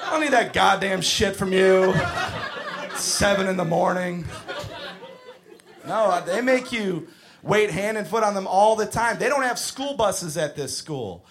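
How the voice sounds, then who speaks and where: A man doing a stand-up comedy set on a club stage, animated and breaking into shouted impressions. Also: fairly high pitch.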